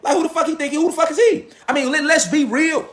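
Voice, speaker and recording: A man with a high voice rants in a profane, animated monologue. He mocks and jabs with rhetorical questions, his delivery heated and relentless. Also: fast talker. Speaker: host of a lecture channel.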